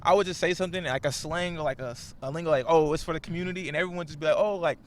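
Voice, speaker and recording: A young man from Kansas City, a podcast guest chatting casually in fast slangy talk, breaking into sudden high-pitched shouts. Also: fairly even intonation, a little hiss or hum. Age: young adult. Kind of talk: casual chat.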